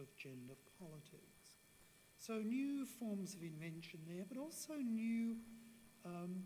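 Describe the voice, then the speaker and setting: An older woman giving a farewell university lecture in an earnest, measured way, with frequent restarts. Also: low-pitched, darkish tone. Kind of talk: public lecture. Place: lecture hall. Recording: reverberant hall with faint background noise.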